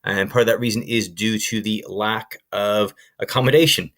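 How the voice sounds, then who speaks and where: Hosting a sports betting channel, this young man speaks at a moderate pace in a steady, fairly bright voice that sits on the low side. His casual, enthusiastic to-camera talk is chatty and full of fillers and restarts.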